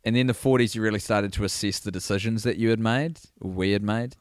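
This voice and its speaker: Playful rambling man, lowish voice. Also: fast talker, no echo, studio quality. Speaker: podcast co-host. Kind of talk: casual chat.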